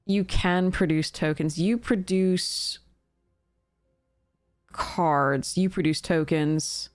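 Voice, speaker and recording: A woman's voice: fairly low pitch, slow pace, no echo, studio quality, soft background music. A woman streaming a card game draft, thinking aloud in casual commentary and laughing at her own mistakes.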